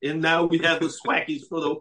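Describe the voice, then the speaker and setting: A man, hosting a sports show and walking viewers through tiebreaker scenarios in an animated, direct way. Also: fairly high pitch, brisk, low-quality recording. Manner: animated, talks straight to viewers. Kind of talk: sports analysis talk.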